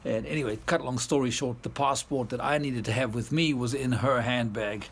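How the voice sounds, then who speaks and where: A man's voice: mid-range voice, fairly even intonation, a little fast, vocal fry, slight background noise. A South African-born man vlogging outdoors, chatting casually and laughing often as he tells a tired, rambling story. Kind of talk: casual vlog chat. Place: outdoors, garden and yard.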